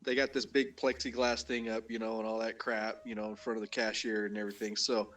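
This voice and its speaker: A married man from Utah telling a casual, animated story, jumping much higher in pitch when he quotes someone. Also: a little fast, distant mic, faint music behind. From Utah, USA.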